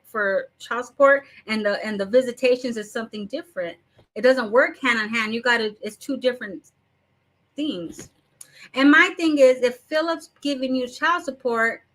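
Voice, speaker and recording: Bright-voiced woman ranting bluntly. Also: a little high. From Arizona. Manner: blunt, ranting, swears, mocking quoted voices. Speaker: commentary channel host. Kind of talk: casual commentary.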